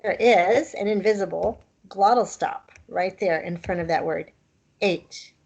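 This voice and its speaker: A woman's voice: on the low side, unhurried, vocal fry, darkish tone, husky, muffled recording. A woman teaching a language class, explaining pronunciation patiently and demonstrating sounds one at a time. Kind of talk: slow, patient language lesson.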